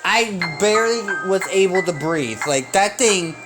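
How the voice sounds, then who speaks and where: A man's voice: sits high, animated, measured pace, poor audio. A young man giving nervous horror game commentary, repeating bro and dude as he plays. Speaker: gamer. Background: game music.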